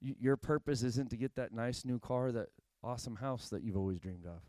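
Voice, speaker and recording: A man preaching a sermon, animated and emphatic, repeating phrases and calling on the congregation to answer. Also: mid-range voice, fairly quick, no room sound. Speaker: pastor.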